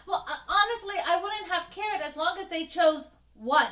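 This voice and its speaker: A woman who grew up speaking Spanish, co-hosting a casual podcast in an animated, opinionated way. Her voice sits high. The room around her is echoey. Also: normal speed. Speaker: podcast co-host. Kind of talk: casual chat.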